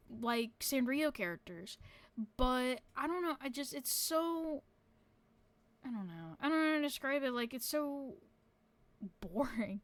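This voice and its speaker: A woman's voice: high-pitched, dry recording. A woman streamer chatting casually to her viewers, rambling with lots of fillers and casual swearing.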